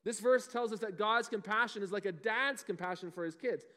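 A man in his thirties leads an animated children's sermon, tossing questions out to the young listeners as he goes. His voice sits high and carries. A long reverb trails behind each phrase, as if he stands in a large hall. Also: fairly quick. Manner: animated, asks the kids questions. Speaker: children's pastor. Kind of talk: kids' sermon.

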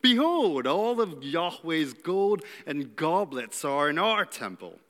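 A man's voice: a little high, sing-song, takes it slowly, a bit bright, voice pushed up, full character voice. A man voicing a scheming male court official of an ancient empire, with a theatrical evil old-world accent and a mocking, grandiose manner. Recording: long hall reverb.

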